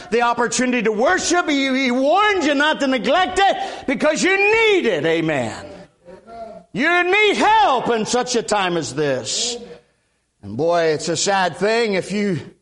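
A man's voice: extremely high pitch, a bit bright. An older man from Alabama, preaching a sermon in a folksy way with repeated amens. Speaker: guest preacher.

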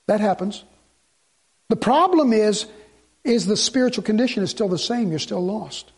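A man preaching a sermon as pastor, swinging between loud urgency and hushed pleading. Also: high voice, lively intonation, normal speed, pauses often, husky.

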